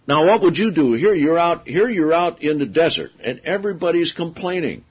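Husky animated male preacher, lo-fi. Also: fairly high pitch, fairly quick. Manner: animated storytelling, acting out quotes. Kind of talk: sermon. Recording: dull lo-fi sound.

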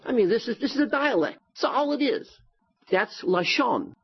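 A man from the United States, teaching a sermon with animated, folksy asides. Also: very high-pitched, moderate pace, slightly rough. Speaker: Bible teacher. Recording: dull lo-fi sound.

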